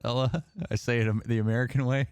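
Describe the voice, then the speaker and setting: A man's voice: medium pitch, quick pace, darkish tone, clean tone. A man from Indiana, a therapist streaming a game, chatting casually and answering his chat as messages come in. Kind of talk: casual livestream chat while gaming.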